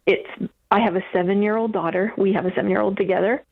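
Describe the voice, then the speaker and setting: A woman calling in to a radio show, emotional and near tears, talking in a halting way with restarts. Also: medium pitch, fairly even intonation, vocal fry. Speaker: caller. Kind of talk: phone-in call. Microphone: phone. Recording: tinny phone line.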